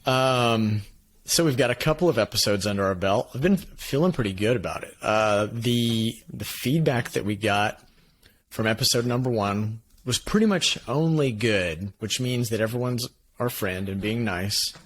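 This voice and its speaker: Laughing, quick-talking male podcast co-host. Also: mid-range voice, a little hiss or hum. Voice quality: nasally when recorded, by his own account. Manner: upbeat, laughs often, talks in quick bursts. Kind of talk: casual chat.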